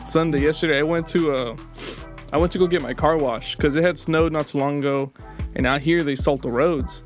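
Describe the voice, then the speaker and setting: A man's voice: a little high, steady tone, brisk, faint music behind. A young man co-hosting a podcast, telling rambling stories in casual chat, swearing and laughing at himself. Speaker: podcast co-host.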